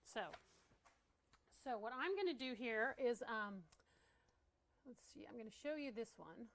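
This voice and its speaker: A woman's voice: on the high side, expressive, unhurried, a bit bright. A woman giving a casual training talk to art teachers, chatty and laughing often as she acts out what kids say.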